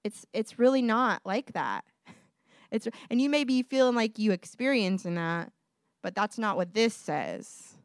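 A woman's voice: a little high, animated, unhurried, clean tone, no room sound. Chatty young woman preaching, dry sound. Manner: warm conversational, laughs often, fillers like "like" and "you know". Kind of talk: casual sermon.

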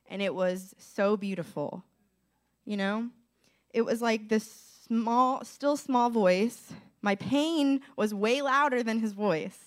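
A woman in her thirties sharing a personal testimony at church, earnest and conversational, often asking the audience to relate. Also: medium pitch. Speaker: speaker giving a testimony.

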